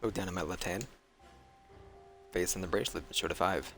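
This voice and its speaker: A male streamer narrates a story game aloud in a fairly low voice. He reads earnestly, stumbling now and then and correcting himself. Quiet game music sits underneath. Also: fairly quick. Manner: earnest narration with small slips and self-corrections.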